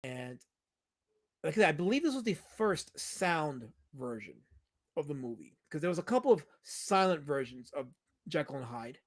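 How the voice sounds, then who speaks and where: Chatty man hosting a livestream. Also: a little high. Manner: rambling, playful teasing of chat. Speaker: livestream host. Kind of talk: casual livestream chat about old movies.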